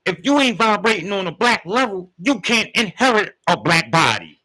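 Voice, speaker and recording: A man's voice: sits high, very animated, normal speed, few pauses, sharp tone, low-quality recording. A man giving a casual spiritual talk, using street slang and speaking straight to his listeners. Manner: street slang, conversational, addresses listeners directly. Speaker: spiritual teacher.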